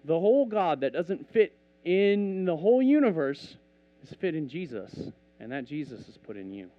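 A man's voice: fairly high pitch, moderate pace, lo-fi sound. A man preaching a casual, conversational sermon, telling stories and acting out bits of dialogue. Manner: animated, conversational, acts out dialogue.

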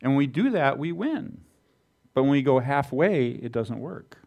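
A man preaching a sermon as a pastor, animated and asking the congregation rhetorical questions. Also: medium pitch, moderate pace, vocal fry, lo-fi sound.

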